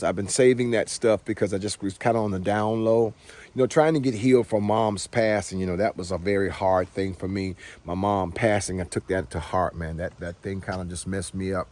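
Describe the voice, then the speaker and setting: Middle-aged guy with a lowish voice, easygoing heartfelt vlog chat outside at home. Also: a little hiss or hum. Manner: easygoing, heartfelt, talks straight to viewers. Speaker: homestead vlogger. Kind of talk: casual talk to camera. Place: outdoors at his home by a pool.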